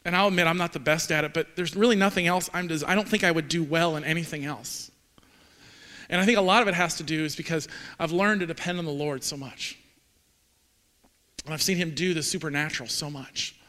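A man in his forties preaches a sermon in a church sanctuary, his voice sitting high for a man. He speaks earnestly, sometimes halting and repeating words as he goes. A long reverb from the hall trails after each phrase. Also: sharp tone. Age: 40s. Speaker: pastor.

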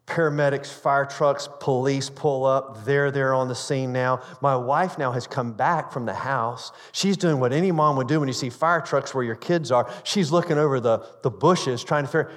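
A man's voice: mid-range voice, normal speed, hardly any pauses. Male pastor in a ringing sanctuary. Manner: earnest storytelling, stumbles and repeats words. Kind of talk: sermon with personal story. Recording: long reverb of a large hall.

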